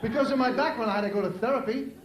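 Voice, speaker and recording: A man's voice: very high voice, racing, some chatter behind. A male stand-up comedian from New York City with a New York accent, telling wry, self-mocking jokes on stage. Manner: wry, self-mocking delivery with punchy punchlines. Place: comedy club stage before a live audience. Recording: echoey club, noisy old VHS tape.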